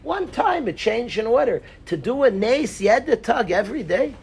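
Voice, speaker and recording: A man teaching a lively Talmud class in a synagogue, quizzing his students by name and mixing in Hebrew and Yiddish terms. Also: high-pitched, normal speed, vocal fry, slightly rough.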